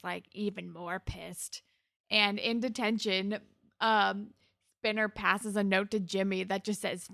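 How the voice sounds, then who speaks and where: Young woman with a creaky voice. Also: medium pitch, a bit bright, no room sound, studio quality. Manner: retelling scenes with laughs and swearing. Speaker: podcast co-host. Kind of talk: casual recap chat.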